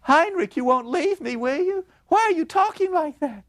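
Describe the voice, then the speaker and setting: A man voicing a distraught, unhinged young woman who pleads in a high, broken voice. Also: animated, moderate pace, fairly bright tone. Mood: clinging pleading.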